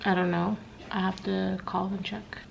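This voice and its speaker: A woman's voice: mid-range voice, level tone, normal speed, vocal fry, lo-fi sound, a little hiss or hum. A woman in her thirties chatting casually to camera at home in a vlog, full of fillers and asides. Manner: chatty, filler-heavy, talks straight to camera. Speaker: beauty vlogger.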